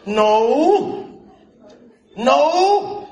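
A preacher with a very high voice delivers a lively sermon, his pitch leaping up and down as he keeps asking the congregation whether they are with him. He often rises into shouted emphasis. His voice rings around a roomy church hall. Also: unhurried. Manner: lively preaching with frequent call-and-response questions to the congregation; frequent bursts of shouted emphasis. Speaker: pastor.

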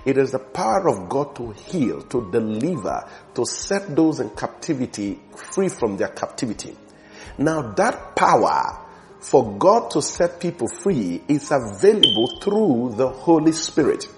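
A man preaching a sermon with emphasis, repeating words for stress and swinging between soft and loud passages. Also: mid-range voice, big pitch swings, unhurried, faint music behind.

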